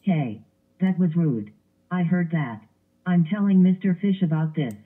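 A man's voice: fairly high pitch, unhurried. A male computer voice playing a big grumpy ogre who tattles indignantly, over tinny lo-fi sound.

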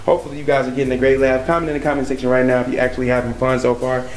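A man's voice: medium pitch, little pitch movement, rapid-fire. A young man vlogging in a hotel room, talking hyped and straight to his viewers about a prank setup. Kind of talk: casual prank vlog talk.

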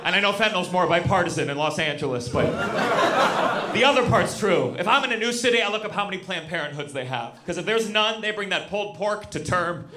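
Stand-up comic, male, 30s, lively delivery with big swings, handheld mic over loud audience laughter. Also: high voice, fast talker, very noisy. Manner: animated, shouts punchlines, acts out quoted voices. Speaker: stand-up comedian. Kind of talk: stand-up comedy set. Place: comedy club stage with live audience.

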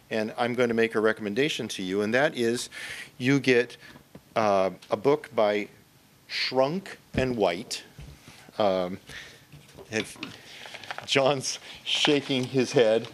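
A man's voice: medium pitch, slow pace, long pauses. A man giving a conversational workshop talk on writing at a conference, often checking in with the audience. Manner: conversational, often ends points with "okay?". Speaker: conference speaker. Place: conference room.

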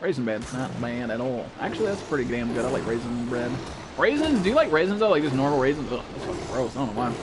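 Dude streaming a game, swearing nonstop, hyped and goofy, kinda noisy mic. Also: male voice, mid-range voice, fast, hardly any pauses. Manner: profane, excitable, calls viewers bro and dude. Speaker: gaming streamer. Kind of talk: casual live-stream commentary.

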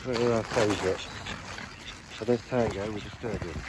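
A man's voice: on the low side, moderate pace, pauses often. A man feeding swans at a lakeside, talking casually to the birds by name in a chatty, coaxing way. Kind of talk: casual talk to birds on camera. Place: outdoors at a lakeside. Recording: outdoor noise behind the voice. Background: outdoor ambience with ducks and swans.

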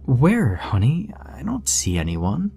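A man voicing an anxious young mother who speaks softly, sometimes in a whisper. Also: medium pitch, wildly swooping pitch, takes it slowly, vocal fry, breathy edge, pitched above the performer's own voice, full character voice. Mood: hushed. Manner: soft hushed speaking, at times whispered.

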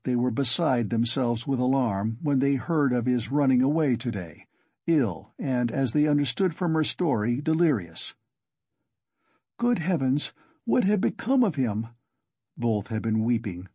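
A man narrating a classic novel as an audiobook, in a steady storytelling manner with a husky voice. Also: mid-range voice, a little slow, dry recording. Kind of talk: scripted narration.

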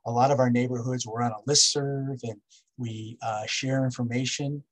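A man delivers a wildlife safety lecture in a husky, mid-range voice. He talks in an instructive way, repeating the key steps and pausing to ask "okay?" as he moves through his list. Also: mid-range voice, steady tone, rough recording. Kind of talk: public lecture with slides.

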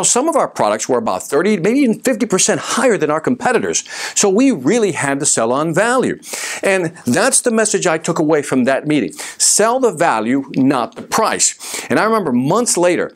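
Guy telling a sales story, really lively up and down voice, punchy and emphatic. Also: fairly high pitch, a little fast. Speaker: sales speaker. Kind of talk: storytelling monologue.

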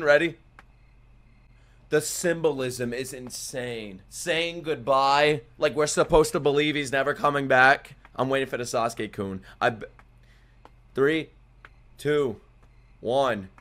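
A man giving casual live reaction commentary while watching an anime, swearing freely and swinging between quiet muttering and loud outbursts. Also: mid-range voice, a little slow, long pauses. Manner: excitable, profane, swings from muttering to shouting. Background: faint anime soundtrack music.

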